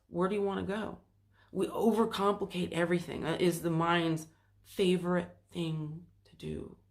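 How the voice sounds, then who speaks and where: With a gravelly, mid-range voice, this spiritual self-help host talks in a loose, rambling monologue, restarting lines and voicing quotes in passing.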